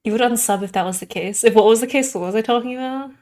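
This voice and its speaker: A woman's voice: fairly high pitch, fast talker, darkish tone. A young adult woman streaming a game and chatting casually, rambling with lots of "like" in a Valley Girl-ish way. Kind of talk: casual gaming stream chat.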